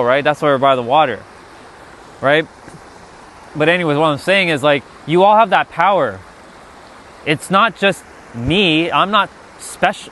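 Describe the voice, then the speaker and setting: A man's voice: a little high, fairly bright tone, slight background noise. A man giving an emphatic, profane spiritual pep talk on a live stream, answering chat outdoors by the water. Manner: emphatic and profane, repeats "right?".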